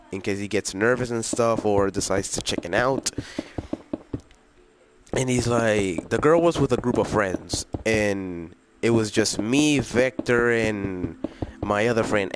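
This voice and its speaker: A man's voice: lowish voice, takes it slowly, background noise. Rambling young man telling a storytime. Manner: rambling, crude, full of fillers like "and stuff". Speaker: storytelling vlogger. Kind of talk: casual storytime. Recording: music playing in the background.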